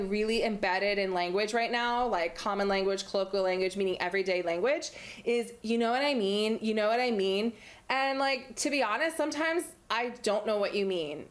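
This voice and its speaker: A young woman hosting a community TV talk show, talking on her own in a playful, chatty way with many fillers. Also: mid-range voice. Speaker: host. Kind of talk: solo talk-show monologue. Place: community TV studio.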